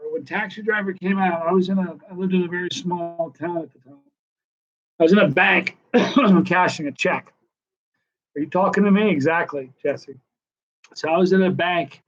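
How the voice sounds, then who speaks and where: A man in his sixties hosting a casual live stream Q&A, telling stories in a chatty, animated way. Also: fairly high pitch. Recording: dull lo-fi live stream audio.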